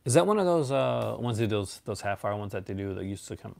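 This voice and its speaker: A man's voice: lowish voice, expressive, fast, creaky. A man hosting a casual, rambling chat about his movie collection, laughing often.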